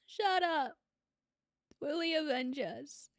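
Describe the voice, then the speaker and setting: Tearful high-voiced woman streamer, gravelly. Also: lively intonation, takes it slowly, dry recording, clean studio sound. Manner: emotional, swearing, laughing often. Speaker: streamer reacting to a video. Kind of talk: casual live reaction.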